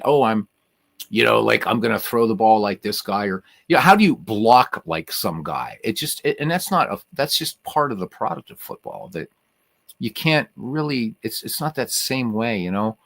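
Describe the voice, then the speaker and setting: A man's voice: medium pitch, a bit bright, dry recording. A middle-aged man hosting a livestream in a casual, rambling way, with many restarts and "you know" fillers. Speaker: livestream host. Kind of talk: casual chat.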